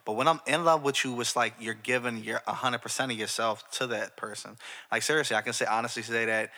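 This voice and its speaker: A man's voice: medium pitch, steady tone, fast, pushed and bright. A young man co-hosting a casual podcast chat, laughing often and saying "like, seriously" again and again. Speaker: podcast co-host.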